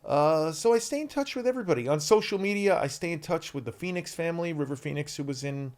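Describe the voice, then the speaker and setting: A man in his forties, an actor guest, telling candid stories in an interview with lively energy. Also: a little high, fast. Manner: energetic, animated, shouts out quoted lines.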